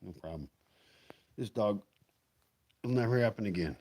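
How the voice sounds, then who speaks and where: This vlogger's voice sits on the low side, warm with a breathy edge, and he speaks expressively at a moderate pace. Filming a casual vlog at home, he rambles, curses plenty, chats to himself and his dogs, and strolls around outside while talking.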